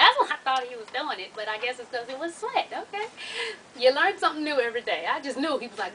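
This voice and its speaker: A high-pitched woman with a bright, sharp tone gives a blunt, profane recap of a reality show, full of sassy asides. She talks to her viewers as "y'all" and "honey". Her voice sits a little back from the mic. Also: big pitch swings, quick pace, recorded from a distance, slight background noise, rough recording. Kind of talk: casual chat.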